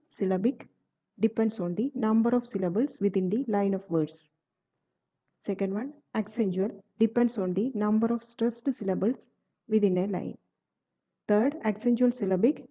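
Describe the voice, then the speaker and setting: A woman narrating a lesson in a steady, measured reading of definitions. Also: medium pitch, muffled recording. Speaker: teacher. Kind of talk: scripted explanatory narration.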